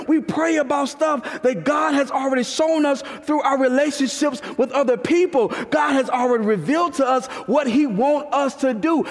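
A man with a strikingly high voice preaches a sermon, shouting his points and then dropping to quiet asides. He talks straight to the congregation and laughs often. The sound carries a long reverb from a large hall. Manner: fervent preaching, swinging between shouts and low asides. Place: church.

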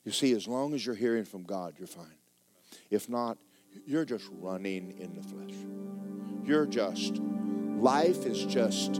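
A man's voice: lowish voice, lively intonation, unhurried, over loud music. A man preaching a sermon as pastor, folksy and joking, repeating words for effect.

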